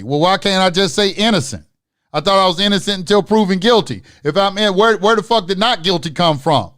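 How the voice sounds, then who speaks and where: This high-voiced man is an instructor ranting during a live online class. His delivery is expressive, brisk, profane and preachy, swinging between loud ranting and muttering.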